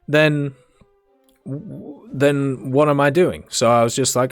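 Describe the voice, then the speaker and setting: A man's voice: medium pitch, steady tone, takes it slowly, no room sound, faint music behind. A man answering viewer questions in a casual, rambling monologue with many fillers and restarts.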